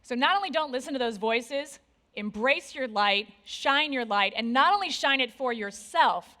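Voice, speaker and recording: A woman in her forties giving a candid, self-deprecating conference talk on stage, with lively asides to the audience. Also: high-pitched, normal speed. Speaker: conference speaker.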